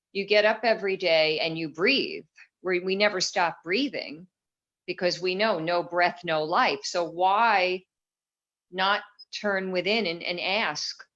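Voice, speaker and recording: A woman with a lowish voice talks earnestly about inner healing as a guest, unhurried and encouraging. She is heard over a video call. The sound is dull and lo-fi. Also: fairly bright tone. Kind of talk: spiritual conversation.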